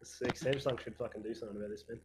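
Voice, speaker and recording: Crude rambling man over loud noise. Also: medium pitch, steady tone, very fast. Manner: rambling, crude, swears a lot. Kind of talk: casual gaming chat with friends.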